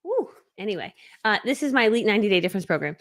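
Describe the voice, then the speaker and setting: A woman in her forties, a business coach, chatting excitedly and rambling through a casual live training from her home office. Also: medium pitch, rapid-fire, dry recording, clean studio sound.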